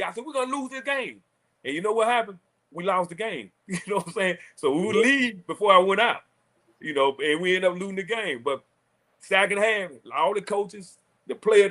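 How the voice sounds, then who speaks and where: A man, a former college quarterback telling animated, laughing stories as a talk show guest. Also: high voice. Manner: animated, laughing storyteller acting out quotes. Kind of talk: casual storytelling on a talk show.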